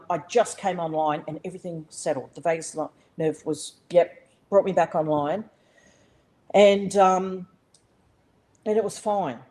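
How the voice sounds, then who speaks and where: An Australian woman, middle-aged, telling a personal story as a podcast guest, animated and blunt, swearing freely with many fillers and restarts. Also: lowish voice, rough recording. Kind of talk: casual conversational storytelling.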